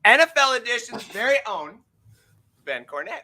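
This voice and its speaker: Lively, bright-voiced man hosting. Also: sits high, normal speed, poor audio. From Canada. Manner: rambling, self-deprecating, laughs often. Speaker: host. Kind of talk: casual podcast chat.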